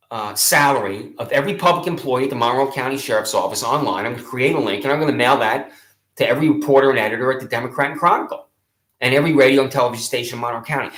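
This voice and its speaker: A man delivering an indignant, mocking rant straight to camera, full of sarcasm and taunting questions. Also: fairly high pitch. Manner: loud rising taunts at times. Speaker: local activist vlogger. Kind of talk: ranting monologue to camera. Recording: echoey room.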